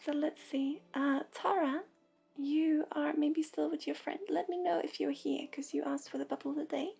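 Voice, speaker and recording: A woman speaks softly and gently, often sliding into a half-whisper, as she hosts a livestream of intuitive readings and healing. Her voice sits high and carries a gravelly edge of vocal fry. Faint music plays underneath. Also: fairly even intonation, normal speed. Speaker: intuitive reader and healer.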